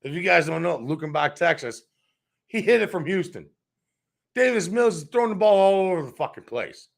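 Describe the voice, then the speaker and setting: A man's voice: sits high, expressive, normal speed, creaky. A man hosting a sports show, ranting in a heated, profane, repetitive way.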